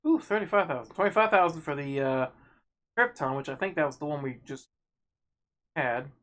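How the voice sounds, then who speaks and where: A woman's voice: deep voice, normal speed, fairly bright tone. A woman streamer narrating a game casually, reading its text aloud with muttered asides.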